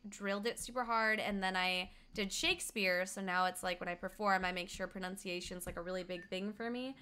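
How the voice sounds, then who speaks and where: A young woman from Colorado chatting casually and quickly while streaming a game, reading out chat and humming along. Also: medium pitch, bright, forceful tone, smooth. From Colorado, USA. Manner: fast-talking, chatty, reads chat aloud, hums along.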